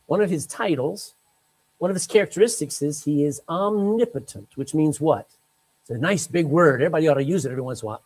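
A man's voice: sits high, darkish tone, rough recording. A man preaching a sermon, reading scripture aloud and breaking in with emphatic, chatty asides. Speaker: pastor.

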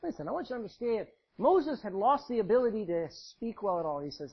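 A man preaching a sermon, dramatic and swinging from loud to hushed as he tells the scripture story. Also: high voice, big pitch swings, brisk, breathy edge, lo-fi sound.

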